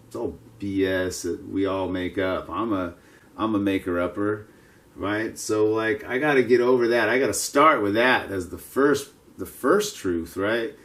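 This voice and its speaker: Fifties male vlogger, lowish voice, digressive and self-mocking, outdoor walk-and-talk. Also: fairly bright tone. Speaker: martial arts vlogger. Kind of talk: casual rambling monologue. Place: outdoors, with passers-by around.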